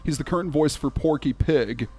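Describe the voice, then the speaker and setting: A man talking as a podcast guest about his voice acting work, in an easy and animated way. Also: fairly high pitch, normal speed, husky. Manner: animated, slips into playful accents. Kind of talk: casual interview chat. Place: remote interview, podcast.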